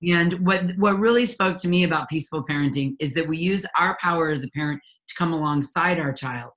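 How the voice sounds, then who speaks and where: Speaking briskly in a low, slightly bright voice, a woman in her forties who works as a parent coach gives an earnest, candid interview about her life. She frequently ums and restarts and at times comes close to crying.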